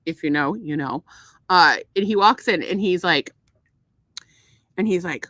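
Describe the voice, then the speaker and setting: A middle-aged woman co-hosting a podcast, telling stories in an animated, profane, casual way. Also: medium pitch, normal speed, dry recording. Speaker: podcast co-host. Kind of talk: casual chat.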